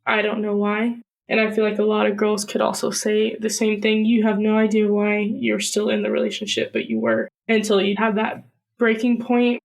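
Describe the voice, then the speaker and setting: A woman's voice: mid-range voice, moderate pace, vocal fry, rough recording. A young woman earnestly recounting a personal story in a podcast interview.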